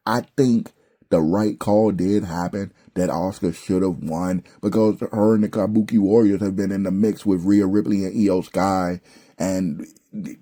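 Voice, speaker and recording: A man's voice: deep voice, warm tone. A young man ranting bluntly about a wrestling show, exasperated and profane, with slangy asides. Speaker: wrestling commentary vlogger.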